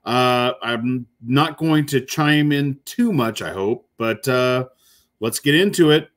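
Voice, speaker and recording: A man's voice: medium pitch, lively intonation, slow pace. A man, a corrections officer, giving casual, rambling commentary while reacting to a video, with many fillers and restarts.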